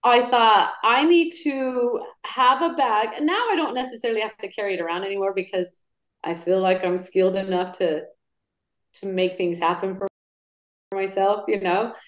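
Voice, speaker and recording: A middle-aged woman, a podcast guest, chatting casually and telling lively stories. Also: medium pitch, moderate pace. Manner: animated storyteller. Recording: roomy echo.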